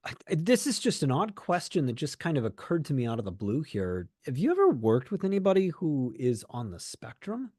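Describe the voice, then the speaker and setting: A man's voice: on the high side, sing-song, a little fast, hardly any pauses, a little mellow, dry recording, clean studio sound. A man hosting a podcast, asking curious, encouraging questions with some hesitant restarts. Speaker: podcast host. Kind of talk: interviewing.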